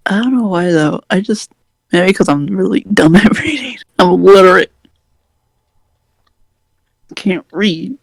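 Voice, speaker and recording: A man's voice: sits high, expressive, unhurried, vocal fry, long pauses, no echo. A man chatting casually with fellow tabletop game players in a goofy, self-mocking way. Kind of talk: casual chat.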